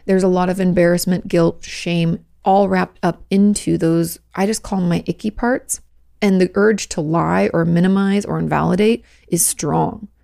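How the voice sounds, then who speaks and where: Her fairly low voice, marked by constant gravelly fry, moves at a moderate pace as she hosts a podcast. A therapist, she dispenses casual, frank advice in a relaxed way, filling gaps with "like" again and again.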